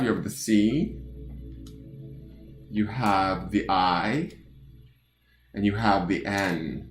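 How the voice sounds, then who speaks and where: A man with a lowish voice does a casual charm-reading livestream from his home desk, chatting playfully and greeting viewers by name. He's a tarot and charm reader, recorded on a phone or webcam on the desk, and the sound is roomy.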